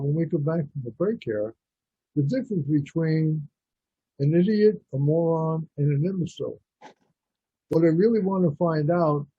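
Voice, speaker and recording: A man's voice: a little high, slightly rough, no echo. A man hosting a radio talk show, talking in a rambling, blunt and opinionated monologue. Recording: dull lo-fi radio audio.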